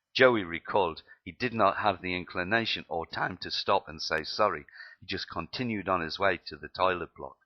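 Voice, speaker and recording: Deep-voiced man reading his memoir aloud, plain delivery, lo-fi sound. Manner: plain reading with slips and restarts. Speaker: narrator.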